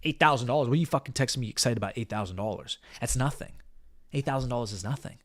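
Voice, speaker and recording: A man's voice: mid-range voice, racing, no room sound, close to an everyday voice. A man voicing an angry male sales leader who scolds a trainee with incredulous, profane outbursts. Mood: furious, scornful.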